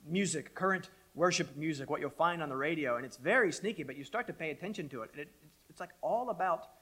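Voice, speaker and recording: A middle-aged man preaching a sermon as pastor, emphatic and repetitive, dropping his voice very low at the ends of phrases. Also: fairly bright tone. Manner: emphatic preaching, repeats words, drops to near-whisper at phrase ends.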